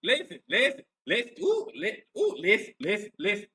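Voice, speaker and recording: A woman's voice: mid-range voice, huge pitch swings, normal speed, pushed and bright, slight background noise, pitched above the performer's own voice. A man doing a mocking impression of a defensive woman podcast host who stammers and keeps repeating herself. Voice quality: repetitive, stammering.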